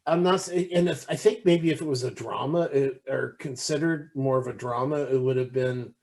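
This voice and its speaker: A man's voice: mid-range voice, normal speed, vocal fry, darkish tone. A man co-hosting a podcast, chatting casually with lots of restarts and fillers, acting out quoted lines while retelling a movie. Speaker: podcast co-host. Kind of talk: casual chat.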